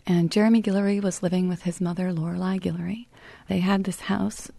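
A woman author being interviewed, telling a legal story in a thoughtful, measured way, sometimes dropping her voice very low. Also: gravelly, no room sound. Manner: thoughtful, storytelling, drops to soft near-whisper at grim points. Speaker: author and writing teacher. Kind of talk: interview guest explaining.

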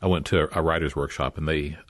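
Very deep-voiced husky interviewer. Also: male voice, steady tone, quick pace, no room sound. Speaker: interviewer host. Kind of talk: casual interview questions.

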